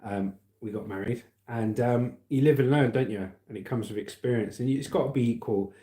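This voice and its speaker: A man's voice: mid-range voice, fairly quick, dark tone. A middle-aged man hosting a casual livestream, reading out viewer comments and news with a chatty, laughing manner. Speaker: livestream host. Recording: echoey room.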